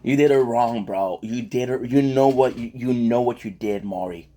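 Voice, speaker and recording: A man's voice: mid-range voice, normal speed, mellow, slight background noise. A man rambling in a joking way, chatting casually for an eating vlog, with lots of filler words. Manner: rambling and jokey, with many fillers. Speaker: vlogger.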